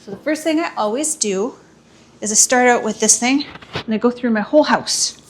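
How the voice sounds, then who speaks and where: Cleaning around her house and yard, a housewife vlogs into her camera mic in a rambling, self-deprecating chat. Her voice is fairly high and her pace normal, with a little background noise.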